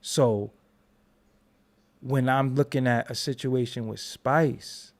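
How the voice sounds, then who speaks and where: Gravelly-voiced man ranting emphatically. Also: mid-range voice, takes it slowly. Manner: animated, emphatic, profane, talks over repeated restarts. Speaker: commentary channel host. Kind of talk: unscripted commentary rant.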